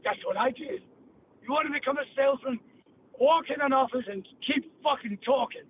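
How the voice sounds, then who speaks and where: Heard down a tinny phone line with slight noise, this older English guest on a call-in show unleashes a blunt, foul-mouthed rant. He has a very high voice and keeps a moderate pace.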